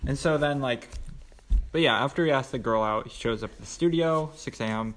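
Young man, podcast co-host, relaxed, casual movie chat, mid-pitched voice. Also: fairly quick, slight background noise. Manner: laid-back, lots of agreeing "yeah". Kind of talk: casual film discussion.

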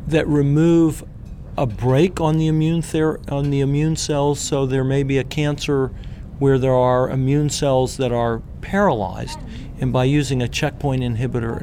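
A man, a cancer researcher, explaining his work in an interview, pausing and restarting phrases as he thinks. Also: medium pitch, warm tone, slight background noise. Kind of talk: interview answer.

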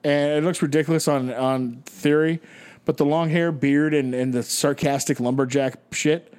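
A man co-hosting a casual podcast chat, chiming in quickly and swearing casually. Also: fairly high pitch, steady tone, a little mellow, clean tone. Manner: quick interjections, laughs, profane. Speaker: podcast co-host.

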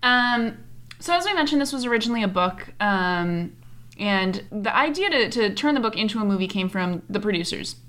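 Bright young woman in her 20s, podcast cohost, retelling a movie all animated and sweary. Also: medium pitch, moderate pace. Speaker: podcast co-host. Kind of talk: casual movie recap chat.

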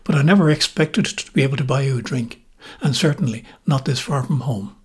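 A man's voice: mid-range voice, a little fast, husky. A man voicing a genial middle-aged Dublin civil servant with a Dublin accent, wry and friendly. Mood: amused.

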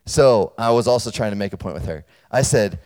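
A man with a fairly low voice preaches a sermon to college students at a brisk clip, keeping it conversational and checking in with his listeners. When he launches into a personal story he becomes loud and animated. The recording carries a long hall reverb.

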